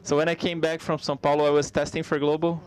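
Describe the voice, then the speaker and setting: Male live interpreter voicing a comedy routine; somewhat high pitch, conversational, halting with restarts. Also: little pitch movement.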